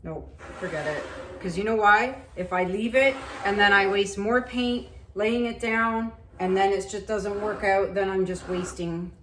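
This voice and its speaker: A woman's voice: mid-range voice, a little slow, hardly any pauses, a bit bright. A woman talking to herself and her viewers while painting, chatty and often frustrated, trailing off mid-thought. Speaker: acrylic pour painting vlogger. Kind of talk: casual talk while painting. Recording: roomy echo, faint ambient noise.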